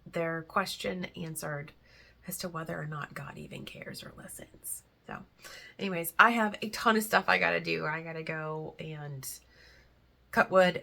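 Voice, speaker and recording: Woman, faith vlogger, gravelly voice, husky tone, earnest, chatty and rambling. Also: fairly low pitch, bright, forceful tone. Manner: earnest and heartfelt, close to tears at times; chatty and rambling between thoughts. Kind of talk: casual faith talk to camera.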